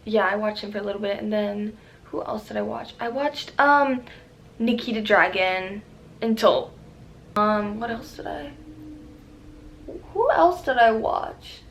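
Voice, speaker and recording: A young woman rambling casually in a makeup vlog, profane and excitable with lots of fillers, recorded on a camera mic at home. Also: mid-range voice, a little slow, a little hiss or hum. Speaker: beauty vlogger.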